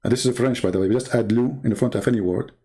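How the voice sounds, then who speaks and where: Male debate host, middle-aged, gravelly voice, sarcastic and mocking delivery. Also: mid-range voice, rapid-fire, mellow. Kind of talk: mocking commentary on videos.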